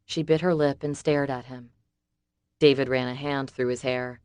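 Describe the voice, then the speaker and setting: A woman narrating an audiobook in an even, measured reading. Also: rumbling low, clean tone, no echo. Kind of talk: scripted narration.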